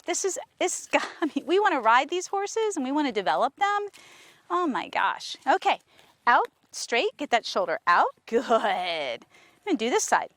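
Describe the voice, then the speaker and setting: A woman trainer working a horse outdoors, her voice sitting a little high and swinging through a wide, lively range. She switches between gentle coaxing praise for the animal and excited explanations to the camera. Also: a little hiss or hum. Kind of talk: casual training vlog talking to camera and horse.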